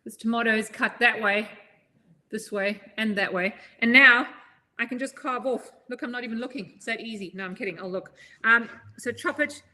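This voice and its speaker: A woman's voice: a little high, moderate pace, pushed and bright. A woman chef giving a chatty, upbeat live knife-skills demonstration, joking at her own expense as she goes. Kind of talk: live cooking demo.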